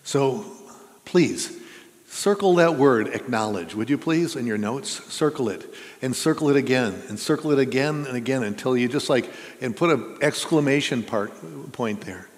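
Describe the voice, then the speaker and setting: Speaking at normal speed and medium pitch, a man gives a sermon as pastor in a church sanctuary. He addresses his listeners with questions, earnest and conversational, and the hall sounds reverberant.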